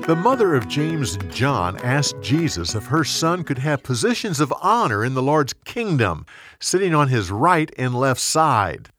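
A man narrating a Bible story in a clear, expressive storytelling manner. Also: mid-range voice, a little slow, no room sound, faint music behind.

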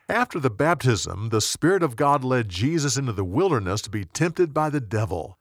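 A man narrating a Bible story in a dramatic, expressive scripted reading. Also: medium pitch, moderate pace, hardly any pauses, no room sound, clean studio sound.

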